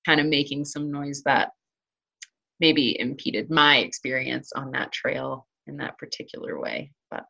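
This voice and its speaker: A woman with a notably low-pitched voice talks through her answers in a loose, conversational way. She fills pauses with ums and likes, and restarts her sentences as she goes. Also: vocal fry, sharp tone, slightly rough. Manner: chatty, many fillers and restarts. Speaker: interview guest, hiker and trail runner. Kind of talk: casual interview talk.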